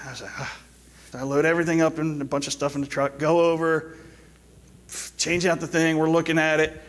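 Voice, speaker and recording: Middle-aged male pastor, church sermon, a bit high-pitched, casual storytelling moving into soft exhortation. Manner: storytelling with quick asides, then soft pleading exhortation. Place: church sanctuary.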